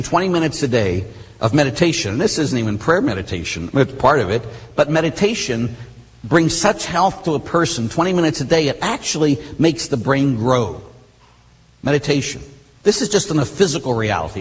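A middle-aged man, a Catholic priest, preaching a sermon with animated storytelling and casual asides. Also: mid-range voice, husky. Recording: long hall reverb.

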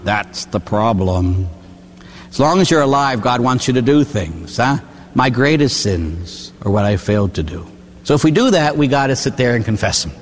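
An older man, a priest, preaching about confession in an animated storytelling way, acting out voices and tagging his points with "huh?". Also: medium pitch, normal speed. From Pittsburgh, USA. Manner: animated storytelling, acts out quoted voices, tag questions "huh?". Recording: echoey hall with long reverb.

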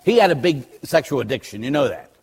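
An older man, a Catholic priest, preaching bluntly and telling stories with dry humor, loud one moment and soft the next. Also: mid-range voice, big pitch swings, fast talker, creaky, husky. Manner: blunt, joking storyteller who swings between loud and soft. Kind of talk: sermon with personal stories.

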